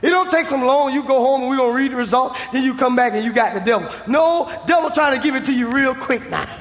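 A man preaching a sermon as an evangelist, shouting and acting out dialogue with emphasis. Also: extremely high pitch, fast talker. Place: church. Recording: echoey church hall.

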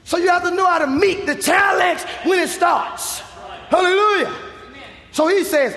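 A man preaching a sermon as an evangelist, shouting and acting out dialogue with emphasis. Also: high voice, normal speed. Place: church. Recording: echoey church hall.

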